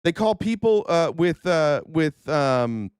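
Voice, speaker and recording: A man's voice: on the high side, very animated, slow pace, clean tone, no echo, clean studio sound. A man hosting a political commentary livestream, earnest and indignant, stumbling over restarts and losing his voice. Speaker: host.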